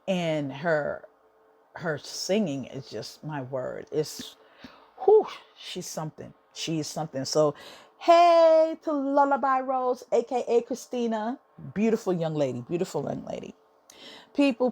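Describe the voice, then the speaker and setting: Effusive woman podcast host, low voice. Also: mellow. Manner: emotional, effusive, repeats words. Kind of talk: casual monologue. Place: home office.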